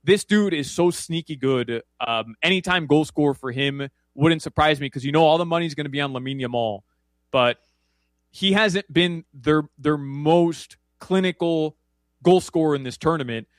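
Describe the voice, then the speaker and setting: Man, soccer pundit, casual chat, slightly high voice, dry close sound, rambling with fillers. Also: normal speed, no room sound. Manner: rambling, lots of fillers and restarts. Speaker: soccer analyst guest. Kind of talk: casual sports betting chat.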